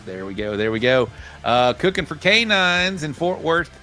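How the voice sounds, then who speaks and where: A man's voice: a little high, very animated, moderate pace, pushed and bright, faint music behind. A man hosting a live online show, reading out a list of upcoming events in a rambling, self-correcting way. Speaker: podcast host.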